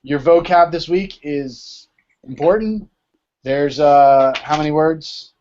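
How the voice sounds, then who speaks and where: A man's voice: fairly high pitch, steady tone, slow pace, a little mellow, a little hiss or hum. A man teaching a Greek class in a casual lecture style, often checking in with "right?" as he explains. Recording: dull lo-fi recording.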